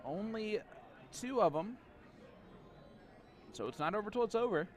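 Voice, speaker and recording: A man doing live darts commentary in a chatty manner, quick to laugh. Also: high voice, expressive, faint music behind.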